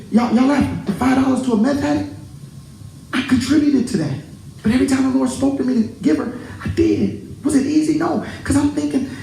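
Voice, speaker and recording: A pastor preaching a sermon to his congregation, animated and joking with them. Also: very high voice, vocal fry, reverberant, slight background noise, rough recording. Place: church.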